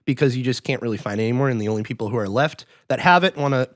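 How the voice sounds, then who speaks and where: A man hosts a podcast in a loose, rambling way, full of fillers. His voice sits at an ordinary pitch and is recorded close and dry. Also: very fast, no echo. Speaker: podcast host. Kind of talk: casual podcast chat. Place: podcast studio.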